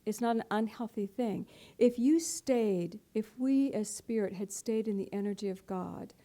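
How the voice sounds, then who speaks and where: A woman's voice: mid-range voice, moderate pace, warm tone. A middle-aged woman, a spiritual teacher, giving a playful, conversational talk to a live audience and laughing often.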